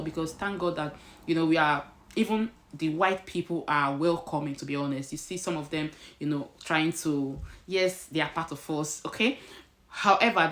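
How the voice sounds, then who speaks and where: Chatty Nigerian woman, low voice. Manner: chatty, mixes in Nigerian Pidgin phrases. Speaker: vlogger. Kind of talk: casual to-camera chat. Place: indoors at home.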